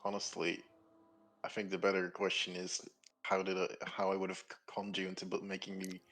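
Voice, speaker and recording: A man's voice: sits low, monotone, a little fast, a bit bright. A man playing in a tabletop game, talking casually in rambling thoughts that trail off. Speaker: player.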